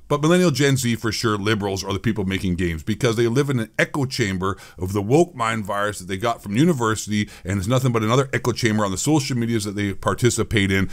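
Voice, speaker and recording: A man ranting sarcastically as a gaming YouTuber, exasperated and swearing often. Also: fairly low pitch. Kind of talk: gaming commentary rant.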